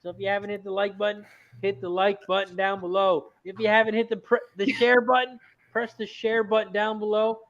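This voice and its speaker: A man's voice: sits high, flat delivery, brisk, fairly bright tone, muffled recording. A man co-hosting a live sports betting stream, hyping up the chat and plugging the stream. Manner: hyped, plugs the stream. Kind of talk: casual banter and stream promos.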